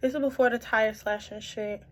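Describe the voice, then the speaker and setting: A woman's voice: on the high side, fairly even intonation, normal speed. A tipsy young woman telling a storytime in casual, profane chat, jumping around as she goes. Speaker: storytime vlogger.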